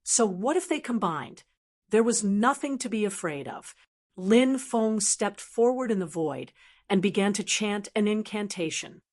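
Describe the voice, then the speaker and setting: Female audiobook narrator, steady even read of a fantasy novel, mid-pitched voice. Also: a little slow. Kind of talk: scripted narration.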